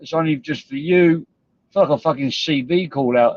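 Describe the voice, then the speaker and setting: A man's voice: on the high side, moderate pace, dry recording, phone-quality sound. A man ranting on a livestream, sweary, confrontational and rambling. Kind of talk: livestream rant.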